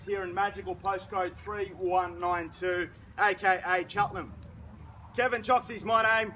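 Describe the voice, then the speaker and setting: A man's voice: sits high, fairly bright tone, slight background noise, low-quality recording. An Australian man working as an auctioneer, addressing a crowd at an outdoor house auction in a showy sales patter.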